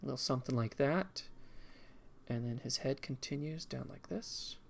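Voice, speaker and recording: Gravelly and mid-range, at a normal speed with a little hiss or hum in the audio, a man casually commentates a video game stream. He rambles as he goes, muttering to himself while drawing.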